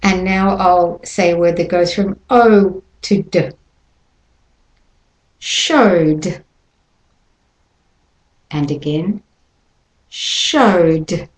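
A woman teaching English pronunciation, speaking carefully and modelling words slowly for listeners to copy. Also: lowish voice, a little mellow, reverberant, rough recording. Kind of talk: slow instructional lesson with repeated examples.

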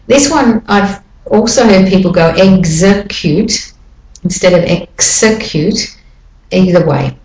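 A woman giving an English pronunciation lesson, saying each word slowly and deliberately twice for learners to copy. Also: mid-range voice, expressive, a little mellow. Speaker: pronunciation teacher. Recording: echoey room.

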